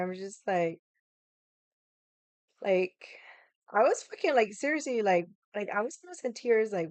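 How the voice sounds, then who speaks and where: A woman streams from her room and tells a long story to her chat. She swears freely and leans on fillers as she talks, in a smooth, clear voice. The sound is close and dry, with no room around it. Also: mid-range voice, animated, normal speed, no room sound. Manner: chatty, swears a lot, many fillers. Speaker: livestream host. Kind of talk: casual storytelling to a live chat. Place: home room.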